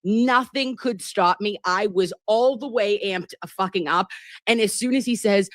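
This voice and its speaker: A woman on a livestream telling a story in an excitable, dramatic way, swearing as she goes. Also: medium pitch, moderate pace, no room sound, clean studio sound. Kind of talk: animated gossip storytelling.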